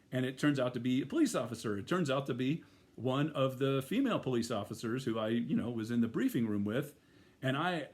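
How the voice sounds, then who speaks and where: A middle-aged man telling a personal story in a casual, rambling way, full of fillers and restarts. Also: medium pitch. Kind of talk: first-person spoken storytelling.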